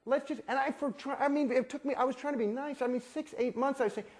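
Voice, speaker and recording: A man's voice: very high voice, fairly even intonation, fast talker, a little mellow. A man giving a candid interview, talking in an emphatic, profane, rambling way with many restarts. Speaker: interviewee, former church member.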